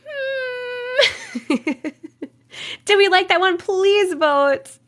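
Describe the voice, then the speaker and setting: A woman with a fairly high voice hosts a casual live stream from her room. She chats loosely with her viewers, swears in passing, and reads their strange stories aloud with plenty of her own reactions. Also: very slow. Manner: chatty, swears casually, laughs and reacts while reading. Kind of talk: casual live-stream chat and story reading. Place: home room, alone.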